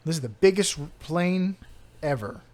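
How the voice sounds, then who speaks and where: A man co-hosting a podcast, quizzing his co-host in casual chat with quick asides. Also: on the high side, expressive, a little mellow.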